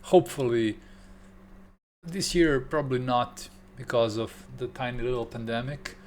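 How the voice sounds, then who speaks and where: A man chats with his viewers in a playful, joking way. He talks at a slow, unhurried pace in a mid-range voice, and a faint hum runs underneath. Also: mid-range voice. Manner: playful, joking, mock German phrases. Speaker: streamer. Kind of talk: casual livestream chat with viewers.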